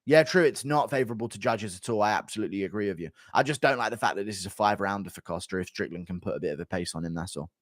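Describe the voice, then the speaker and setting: A man's voice: on the low side, very fast, few pauses, no room sound, clean studio sound. A 25-year-old man hosting a livestream. He chats casually, reads out donations and banters bluntly with his chat. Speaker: livestream host.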